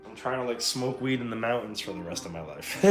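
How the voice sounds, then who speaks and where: A man chatting casually on a livestream, telling stories with plenty of swearing and laughter. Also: medium pitch. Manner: profane, laughing storyteller. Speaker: streamer. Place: home room while painting. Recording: roomy echo, faint guitar music.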